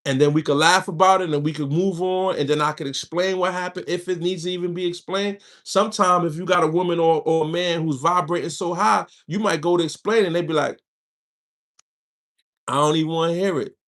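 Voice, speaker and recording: A man's voice: high voice, fairly even intonation, fairly quick, hardly any pauses, fairly bright tone. A man hosting a livestream, giving casual spiritual advice and telling stories with slang and asides to his viewers. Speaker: livestream host.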